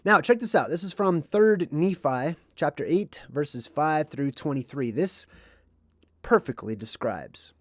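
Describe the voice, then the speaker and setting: A man's voice: on the high side, lively intonation, measured pace, no echo. A man hosting a casual livestream, talking in a rambling, conversational way with frequent ums and asides. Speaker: livestream host.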